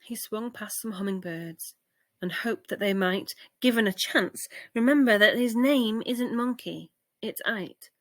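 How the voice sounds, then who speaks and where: A woman reading a children's bedtime story aloud in a gentle, expressive way. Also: medium pitch, unhurried, no room sound.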